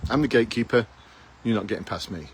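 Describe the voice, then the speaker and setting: In a fairly low, gravelly voice with a breathy edge, this man in his fifties rattles off blunt recruitment advice for the police, heavy on rhetorical questions, straight to camera. He talks fast with lively intonation, outdoors in a town, on a low-quality recording.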